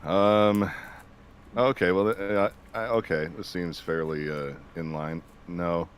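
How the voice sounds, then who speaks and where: A man's voice: low voice, flat delivery, slow pace, a little hiss or hum. A man on a fan panel, chatting casually and joking at his own expense. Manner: joking, self-mocking, with laughs. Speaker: voice actor on a panel.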